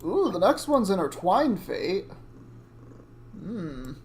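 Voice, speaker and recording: A man's voice: high-pitched, big pitch swings, takes it slowly, a little hiss or hum. A man streaming a video game, chatting casually and reacting aloud to what happens on screen. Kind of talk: casual gameplay commentary. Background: game music.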